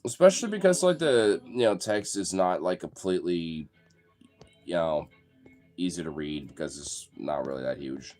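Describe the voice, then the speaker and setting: Young male streamer, deeper voice, casual rambler who curses a lot, faint music in the background. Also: lively intonation, normal speed, a little mellow. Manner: rambling, swears a lot, laughs often, filler-heavy. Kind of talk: casual live-stream chat.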